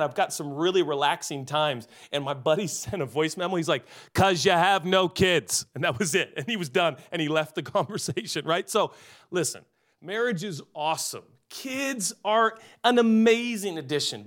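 A man in his forties preaching a comedic sermon, animated and jokey, turning earnest. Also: a little high. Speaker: pastor.

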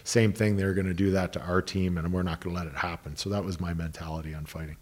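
A middle-aged former pro hockey player from Ottawa, Canada, now a coach, tells stories in a casual interview. His deep, darkish voice runs fast with fairly even intonation, and his rambling style is full of "you know" and restarted sentences.

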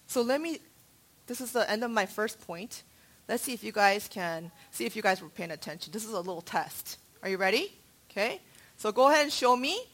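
A woman's voice: medium pitch, lively intonation, fairly quick, a bit bright. A woman in her thirties preaching a sermon, telling stories with animation and quizzing her congregation. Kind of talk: sermon to a church family.

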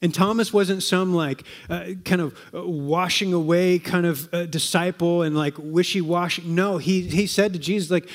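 Conversational preacher, higher-pitched man. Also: fairly even intonation, moderate pace, few pauses. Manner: conversational, with rhetorical questions and repetitions. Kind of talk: sermon.

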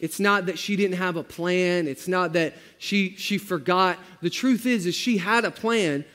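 A man preaching as a pastor, telling a story in a relaxed, joking way with slang, often laughing as he talks. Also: high voice, a little slow, in a large hall. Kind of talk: sermon.

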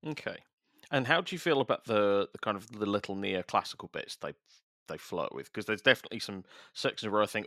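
A man's voice: lowish voice, expressive, fairly quick, a bit bright, no room sound, studio quality. A middle-aged man hosting a casual music podcast, talking in long rambling sentences with stammered restarts and a wry tone. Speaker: podcast host, music journalist. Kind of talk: casual chat.

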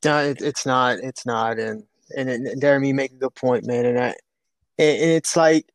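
A middle-aged man from Philadelphia talking in a halting, reflective way in a casual chat, often repeating himself. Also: mid-range voice, steady tone, dry recording.

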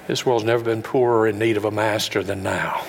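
A man preaching a sermon as pastor, folksy and earnest, building up to loud, high peaks. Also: steady tone, fairly quick, creaky, long reverb tail, slight background noise. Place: large room with an audience.

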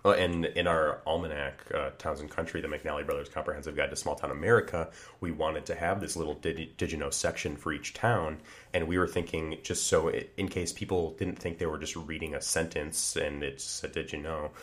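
Man, extremely low voice, comedy podcast co-host, earnest, hesitant, filler-heavy. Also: steady tone. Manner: earnest, halting, many fillers and restarts. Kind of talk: improvised comedy podcast chat.

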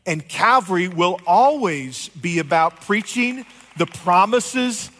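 A man's voice: high voice, lively intonation, takes it slowly, a bit bright, big-room sound. A man preaching a conversational sermon as pastor, joking with his congregation. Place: church sanctuary.

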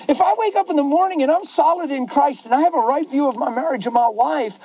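Man preaching fervently in a high voice. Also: fast talker, hardly any pauses, mellow, low-quality recording. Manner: fervent, rising to emphatic exclamations. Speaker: pastor. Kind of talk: impassioned preaching in conversation.

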